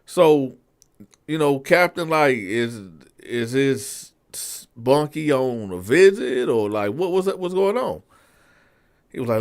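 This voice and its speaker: A male host tells a prison story in a relaxed, slangy way. He speaks straight to his listeners in a mid-pitched voice. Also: slow pace.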